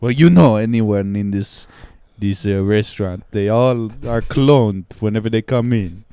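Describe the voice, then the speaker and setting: Man, improv comedy, clear dry voice. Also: on the low side, a little slow, mellow, no room sound. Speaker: improv performer.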